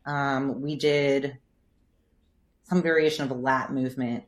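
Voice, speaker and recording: A woman physical therapist and coach, talking through her thinking in a relaxed podcast interview, filling her speech with "like.". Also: a bass voice, unhurried. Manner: thoughtful, explanatory, frequent "like" fillers.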